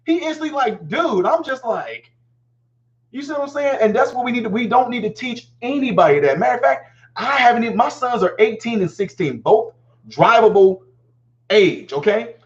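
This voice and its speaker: A man's voice: very high-pitched, animated, muffled recording. A man in his forties hosting a live call-in show, talking emphatically and acting out quoted lines. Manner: fast, emphatic, acts out quotes. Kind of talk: animated call-in talk.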